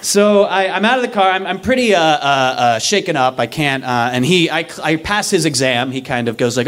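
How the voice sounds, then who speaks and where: A young man tells a funny personal story to a live audience. His voice sits a little higher than most men's, and it jumps around as he acts out each person in the story. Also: brisk, few pauses. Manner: animated, acts out other people's lines. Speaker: stand-up storyteller. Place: live stage before an audience.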